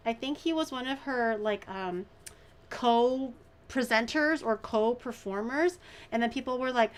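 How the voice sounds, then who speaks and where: A woman livestreams herself cooking at home, chatting casually and rambling, with exaggerated reactions. Her voice is a little high, and she speaks a little slowly.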